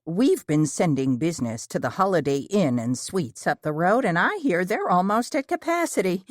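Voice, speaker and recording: A woman voicing a polite, gently cheerful middle-aged woman who runs a bed and breakfast. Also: on the low side, sing-song, normal speed, no echo, clean studio sound. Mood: gracious. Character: gracious middle-aged woman innkeeper, modest.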